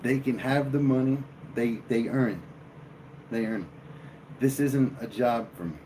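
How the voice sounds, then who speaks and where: A man hosting a live stream, chatting casually and joking with his viewers in a slow, drawling way. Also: medium pitch, warm tone, slight background noise, poor audio. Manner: slow, drawling, jokey banter with chat. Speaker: livestream host.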